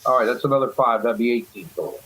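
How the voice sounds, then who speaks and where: A man's voice: mid-range voice, lively intonation, fast, a bit bright, husky, low-quality recording. A man casually chatting as a player in a tabletop game, apologetic and chatty.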